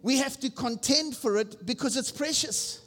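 A senior pastor preaching a sermon, exhorting the congregation and asking them questions. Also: male voice, very high-pitched, normal speed, fairly bright tone. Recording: long reverb with faint music.

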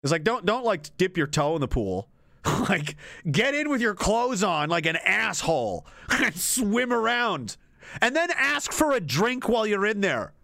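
A man's voice: high voice, a little slow, vocal fry, no echo, studio quality. A man streaming and reading chat, ranting casually with lots of swearing and frequent laughter. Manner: animated, laughs often, swears freely. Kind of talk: casual profane rant.

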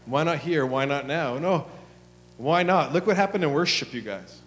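A man preaching a sermon, telling a story with lively acted lines, then dropping into hushed prayer. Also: fairly high pitch, normal speed. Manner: animated storytelling, acts out his own and God's lines, drops to hushed prayer. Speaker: pastor. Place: church hall. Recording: long hall reverb with soft music.

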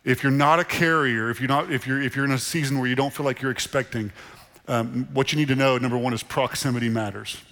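Male pastor, middle-aged, mid-pitched, chatty and emphatic sermon delivery, long hall reverb. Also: quick pace. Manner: animated, conversational preaching with repeated phrases. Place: church sanctuary. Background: congregation in the room.

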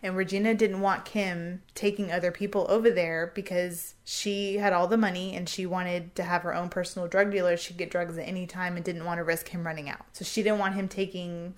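A woman's voice: on the low side, fairly quick, hardly any pauses. A woman, casually telling a true crime story on a podcast and acting out what people said. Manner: animated retelling, acting out quotes with a Southern "y'all".

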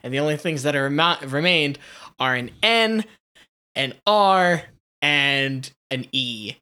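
Man co-host with a bright, fairly high voice, telling a story with energy and lots of casual fillers. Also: smooth. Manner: animated storyteller, many fillers and quick asides. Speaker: podcast co-host. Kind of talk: casual retelling of a pitched TV episode.

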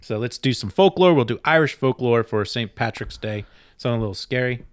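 A man hosting a podcast in casual chat, easygoing and quick to laugh. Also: mid-range voice, lively intonation, clean tone. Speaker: podcast host.

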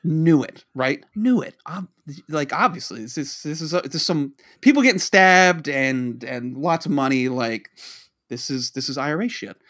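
A man's voice: on the high side, expressive, moderate pace, fairly bright tone. A man from the Boston area, co-hosting a podcast and telling a long rambling story, acting out the dialogue he quotes. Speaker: podcast co-host. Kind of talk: casual storytelling.

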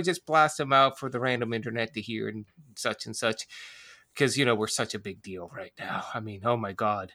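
A man's voice: medium pitch, moderate pace, creaky, bright, forceful tone. A man co-hosting a podcast, teasing his friends in casual chat. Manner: playful teasing. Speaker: podcast co-host.

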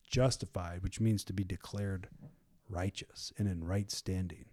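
A man leading a casual Bible study, reading scripture slowly and acting out biblical figures in lively everyday speech. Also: low voice, dry recording, studio quality. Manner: reads scripture slowly and deliberately.

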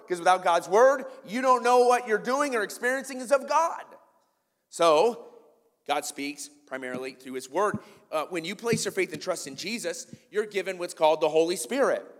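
Animated man preaching in a reverberant hall. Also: high voice, moderate pace. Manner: animated, swings between loud emphasis and quiet asides. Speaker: pastor. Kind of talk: sermon.

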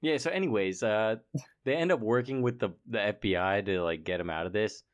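A man's voice: on the low side, brisk. A man co-hosting a podcast, laid-back and joking as he recaps a movie plot. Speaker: podcast co-host. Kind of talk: casual movie review chat.

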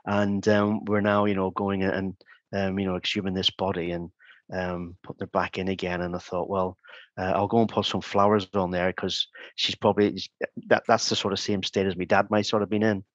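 A man's voice: low voice, level tone, moderate pace, no echo. A man and former crime scene investigator, talking casually in an interview, hesitant with many ums and restarts. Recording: dull, dry sound.

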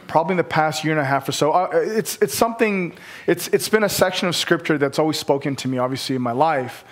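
A man with a fairly high voice preaches as a guest pastor, talking casually with fillers and restarts. He drops to a hushed tone in prayer and livens up when telling stories. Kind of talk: sermon with prayer and scripture reading.

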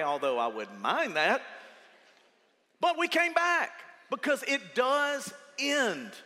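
A middle-aged man preaching a sermon as pastor, telling stories with lively energy and shouting at the peaks. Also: high voice, in a large hall. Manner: animated storytelling, shouting at peaks.

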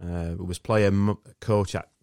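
Low-voiced, measured co-host. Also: male voice, fairly even intonation, vocal fry, darkish tone, clean tone, dry recording, clean studio sound. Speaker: podcast co-host. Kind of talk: casual chat and research rundown.

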